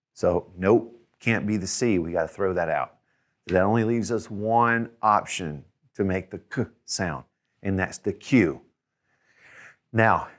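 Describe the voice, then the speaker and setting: Male tutor, lowish voice; patient step-by-step explainer who repeats sounds. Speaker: language tutor. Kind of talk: spelling lesson.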